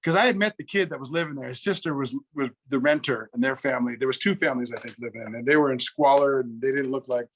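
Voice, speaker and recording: A middle-aged man telling a long, profane story in casual conversation, acting out both sides of phone calls. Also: medium pitch. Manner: profane, rapid anecdotes with quoted back-and-forth. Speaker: guest.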